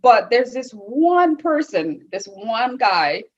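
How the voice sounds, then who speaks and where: A woman's voice: on the high side, sing-song, slow pace, lo-fi sound. A woman, a small business owner, talking earnestly and emotionally about her work in a casual interview.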